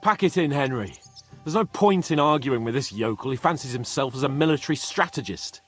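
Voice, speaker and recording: A man's voice: medium pitch, animated, brisk, soft background music, close to an everyday voice. An actor playing a pompous, touchy young nobleman in a video game, speaking in a haughty, indignant way. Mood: dismissive.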